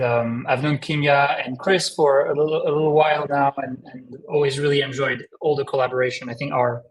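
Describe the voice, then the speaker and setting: A man's voice: fairly high pitch, low-quality recording. A man from France with a heavy French accent, a company co-founder chatting easily as a guest in a live-stream interview over a video call, with many ums and restarts. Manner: relaxed, friendly, with restarts and ums.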